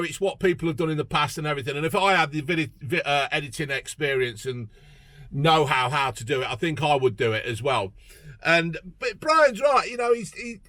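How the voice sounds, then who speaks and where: A man's voice: on the high side, pushed and bright, no room sound. A man from England, ranting bluntly and profanely about politics in a casual vlog. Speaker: political vlogger.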